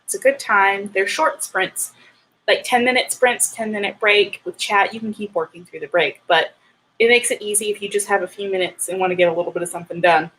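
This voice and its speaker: A young woman hosting a writing livestream, chatting casually with viewers and getting animated and ranty. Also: mid-range voice, brisk, poor audio. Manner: animated, ranting. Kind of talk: casual chat with live viewers.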